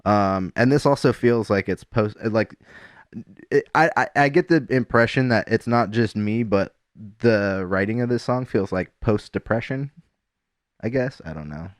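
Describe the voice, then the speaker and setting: A man co-hosts a laid-back music podcast, talking low and unhurried. He circles around his points with fillers and restarts. The sound is close and dry, with no room in it. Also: no echo. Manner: rambling, halting, many restarts and fillers. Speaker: podcast co-host. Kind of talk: casual chat about music.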